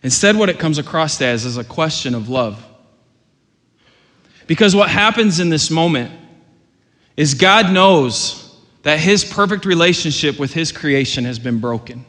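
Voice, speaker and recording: A man preaching a sermon as pastor, earnest and rising to loud, urgent questions. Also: a little high, measured pace. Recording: long hall reverb.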